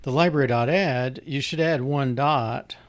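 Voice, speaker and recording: Man, slow-paced, thinking aloud, hesitant restarts, live coding walkthrough. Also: mid-range voice. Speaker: programmer demonstrating code.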